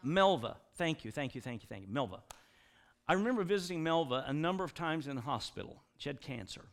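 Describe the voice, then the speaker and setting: Male preacher, middle-aged, animated storyteller, lively and slightly high voice. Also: fast talker. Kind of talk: sermon.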